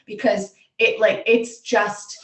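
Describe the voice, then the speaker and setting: A woman's voice: medium pitch, slow, roomy sound, far from the mic. Blunt, swearing mother on a podcast. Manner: blunt, swears freely, animated retelling. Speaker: podcast co-host. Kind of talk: casual chat.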